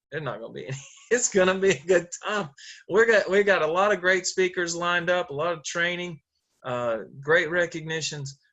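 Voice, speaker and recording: Middle-aged man, district leader on a video call, bright and forceful, earnest, lots of fillers. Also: a little high. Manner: earnest storytelling with frequent fillers and restarts. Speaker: Rotary district governor.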